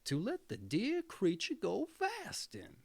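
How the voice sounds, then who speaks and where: A man's voice: high-pitched, huge pitch swings, slow, creaky, dry recording, pitched above the performer's own voice, heavily acted. A man voicing an old, hot-tempered tailor in a storybook reading, given to angry exclamations. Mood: scolding. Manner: wrathful, exclaiming.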